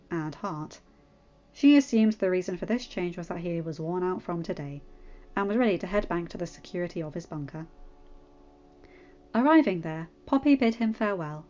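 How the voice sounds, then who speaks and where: A woman reading fanfiction aloud as a narrator, with expressive storytelling. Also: fairly low pitch, muffled recording. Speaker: audiobook reader.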